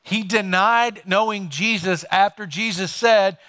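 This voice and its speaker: A man's voice: high-pitched, unhurried, pushed and bright. A male pastor preaching a sermon, retelling a scripture story in conversational everyday words.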